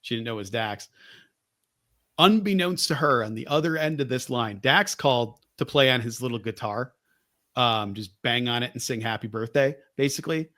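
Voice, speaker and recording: Male podcast co-host, bright tone, animated storyteller. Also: medium pitch, moderate pace. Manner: animated, acts out quoted voices. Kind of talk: casual storytelling.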